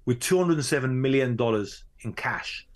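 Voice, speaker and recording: A man who is a journalist tells a story as a guest in a conversational interview. His medium-pitched, expressive voice shifts between quick bursts and slow, drawn-out stretches, with background noise audible.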